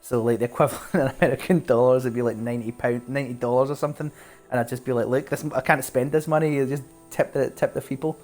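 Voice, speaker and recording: A man's voice: mid-range voice, fairly even intonation, racing, hardly any pauses, darkish tone, soft background music. Chatty Scottish man streaming a game. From Scotland, Glasgow. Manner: chatty, friendly, asks viewers questions, laughs often. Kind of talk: casual chat while playing a game live.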